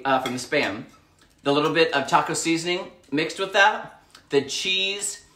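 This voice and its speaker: A man's voice: a little high, bright, forceful tone, echoey room, distant mic. A man chatting bubbly and gushing while he cooks on a live stream from his home kitchen. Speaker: home cooking vlogger. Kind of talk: live cooking stream chat.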